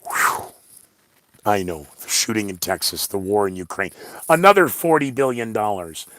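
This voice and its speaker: A man's voice: on the low side, sing-song, moderate pace, a bit bright, dry recording. A man hosting his own podcast, talking in a rambling, blunt monologue full of sarcastic asides. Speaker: podcast host.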